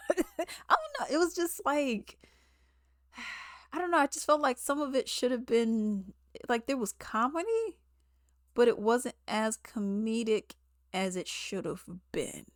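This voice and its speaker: A woman's voice: fairly high pitch, slow, long pauses, dry recording. Chatty woman with a dry, close sound. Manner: chatty and animated, acts out characters' lines in quotes; exasperated, sarcastic asides. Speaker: movie reviewer. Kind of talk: casual spoken movie recap.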